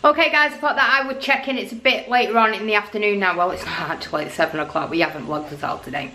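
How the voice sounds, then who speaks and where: A woman's voice: mid-range voice, fast, sharp tone. Chatty woman vlogging in an echoey room. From England. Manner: chatty, rambling, talks straight to viewers. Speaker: family vlogger. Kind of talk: casual vlog to camera. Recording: echoey room with background noise.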